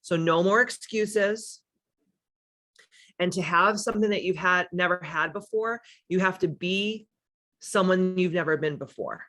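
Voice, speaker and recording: A woman's voice: on the low side, unhurried, fairly bright tone. A woman talks straight to her viewers in a casual livestream. Her delivery is emphatic and candid, and she drops the occasional swear word. She stops now and then to read out comments from the chat. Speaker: livestream host and spiritual coach.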